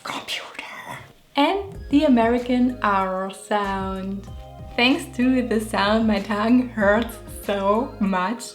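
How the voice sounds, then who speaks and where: Young german lady w/ german accent, chatty and joking at herself, bit of music in the back. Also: medium pitch. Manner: playful, self-mocking, laughs often. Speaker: illustrator and vlogger. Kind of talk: talking over a speed painting video.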